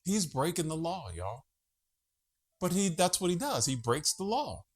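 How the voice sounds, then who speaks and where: A man's voice: on the high side, sing-song, a little slow, slightly rough. A man hosting a casual monologue vlog from home, chatty, profane and easily sidetracked. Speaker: vlogger host.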